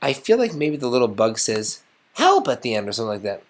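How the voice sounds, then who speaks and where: A man's voice: medium pitch, lively intonation, fast. A man teaching a casual music lesson, thinking aloud and getting enthusiastic as he composes.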